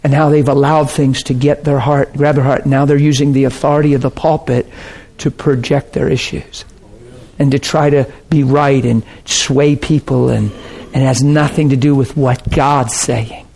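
A man preaching a personal testimony, telling the story with strong feeling and swinging between soft and loud delivery. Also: mid-range voice, little pitch movement, normal speed, gravelly. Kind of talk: sermon testimony.

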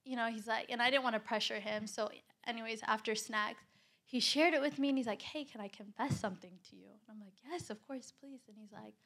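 A woman's voice: a little high, pushed and bright. A young woman giving a casual spoken testimony, earnest and chatty, with a constant "like" in her speech. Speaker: church volunteer sharing a testimony.

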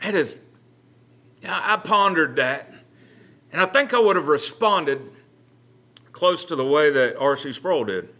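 A man's voice: fairly high pitch, animated, a little slow, pauses often, sharp tone. A man, a pastor leading a Bible study, speaking earnestly and conversationally, often repeating words as he gathers his thoughts.

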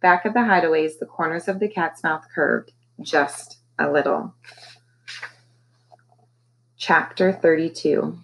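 A woman teacher reading a novel aloud to her class, with expressive, animated storytelling. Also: sits low, slow, gravelly, long pauses, a little hiss or hum, rough recording.

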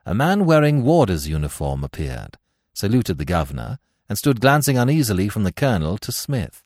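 A man narrating a classic story in a measured, expressive audiobook reading. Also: on the low side, dry recording, clean studio sound.

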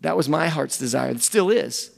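A man's voice: on the high side, lively intonation, moderate pace, creaky. A middle-aged man, a camp ministry director giving a folksy conference talk with quoted voices.

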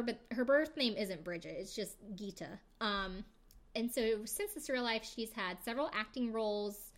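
A young adult woman hosting a podcast, recapping reality TV in a casual, chatty way with lots of fillers and jokey asides. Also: on the high side. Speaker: podcast host.

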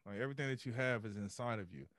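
Animated, swearing male storyteller. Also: lowish voice, very fast, no room sound, studio quality. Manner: animated, swears often, acts out his own inner voice. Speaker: guest. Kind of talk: personal storytelling in conversation.

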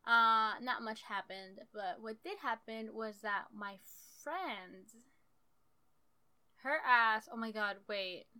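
A young woman casually telling a story from her childhood, animated and profane, laughing often. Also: on the high side, slow pace, clear, resonant tone.

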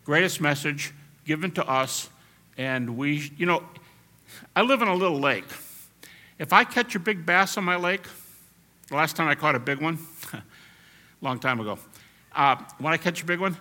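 A man preaching a sermon as pastor, animated and at times shouting as he acts out quotes. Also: a little high, moderate pace, long pauses.

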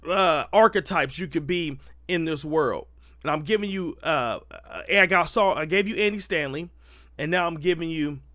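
A man delivers emphatic Christian commentary like a sermon, pressing his point with repeated "why" questions and restarts. His voice sits fairly high. The sound is close and dry, with no room around it. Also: fairly bright tone, no echo. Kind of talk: preachy commentary.

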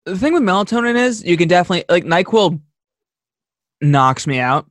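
A young man co-hosts a loose, rambling chat, laughing easily as he goes. His voice sits a little high for a man. The sound is close and dry, with no room around it. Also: big pitch swings, brisk, a bit bright, dry recording. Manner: laid-back, laughs often, rambling. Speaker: podcast co-host. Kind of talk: casual chat.

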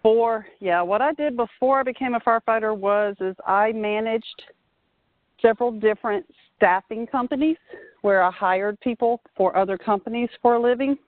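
A woman's voice: on the high side, moderate pace, no echo. A woman in her forties talks earnestly and steadily about her work as a fire marshal. She is calling in on a phone from outdoors. The sound is tinny and dry, like a narrow phone line. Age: 40s. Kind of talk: casual phone interview. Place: outdoors at a playground.

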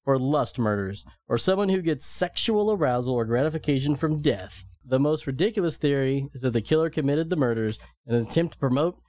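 A woman's voice: very deep voice, lively intonation, brisk, few pauses, darkish tone, no room sound. A woman co-hosting a casual comedic true-crime podcast, reading notes with a dry, sarcastic delivery. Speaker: podcast co-host.

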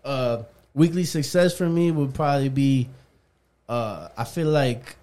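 A man hosting a podcast among friends, his voice dark and warm. He rambles loosely, full of ums and likes. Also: medium pitch, measured pace. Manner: relaxed, rambling, filler-heavy. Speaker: podcast host. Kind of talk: casual chat.

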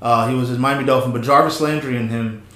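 A man's voice: mid-range voice, steady tone, quick pace, fairly bright tone. A man co-hosting a podcast, chatting about sports in an easygoing way. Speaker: podcast co-host. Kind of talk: casual chat. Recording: echoey room.

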